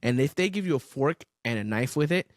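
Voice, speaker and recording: A podcast co-host with a medium-pitched voice talks a little fast in a dry, clean studio recording. Chatting casually, he tells animated, profanity-heavy stories and laughs often.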